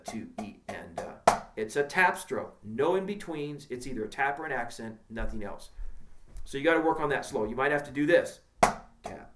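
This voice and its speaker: A man's voice: mid-range voice, echoey room, heavy background noise. A man teaching a drumming lesson in a direct, encouraging way, counting strokes aloud as he plays. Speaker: drum teacher. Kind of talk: instructional video lesson.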